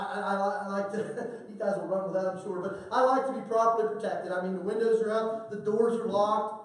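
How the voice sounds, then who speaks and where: A man preaching a sermon in a church, folksy and animated, with humorous asides and stories. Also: sits high. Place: church sanctuary. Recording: very echoey hall from far off.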